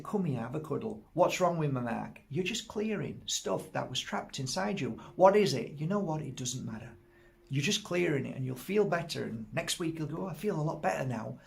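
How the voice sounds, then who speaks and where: A man's voice: medium pitch, vocal fry. A man, a crystal healer, giving a casual spiritual teaching talk, speaking straight to the listener and repeating and listing his words.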